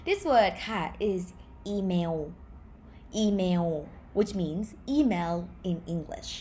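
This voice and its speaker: Thai accent lady teacher, explains slow and lively, repeats example words, faint noise in the background. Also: medium pitch. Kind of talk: online language lesson.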